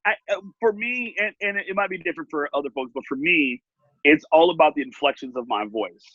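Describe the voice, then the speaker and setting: A man who works as a TV warm-up host and emcee, talking animatedly on a video call with big swings in pitch and loudness. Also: lively intonation, fairly quick, no echo. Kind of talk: casual video-call interview. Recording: dull lo-fi video-call audio.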